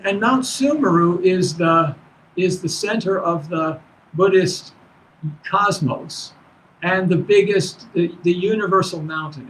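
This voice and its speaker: A man teaching as a Zen teacher, giving a dharma talk to students in a halting, conversational way full of restarts. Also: high voice, a bit bright, a little hiss or hum, low-quality recording.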